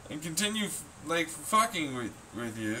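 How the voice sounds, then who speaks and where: A man rants to the camera with heavy sarcasm and a lot of swearing. His voice is bright and edgy, and it swings from low mutters to loud shouts. There is a faint hum in the background. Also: sing-song, moderate pace. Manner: profane, sarcastic, scornful. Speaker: vlogger. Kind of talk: ranting monologue.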